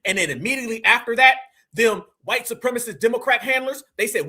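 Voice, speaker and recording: Fiery high-voiced male commentator. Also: animated, quick pace, bright, forceful tone. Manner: fiery, emphatic, repetitive, addresses listeners as family. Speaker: political commentator. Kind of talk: impassioned political commentary monologue.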